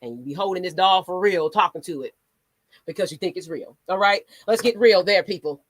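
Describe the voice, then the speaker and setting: Her voice sits low and runs a little fast, recorded with no room sound. The sports fan channel host's commentary is animated, made up of sassy, dramatic rants peppered with mock voices.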